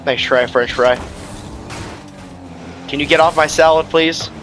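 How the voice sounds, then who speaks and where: A man streaming ranked gameplay, commenting live and trash-talking with sudden shouts. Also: on the high side, fairly even intonation, unhurried, slight background noise.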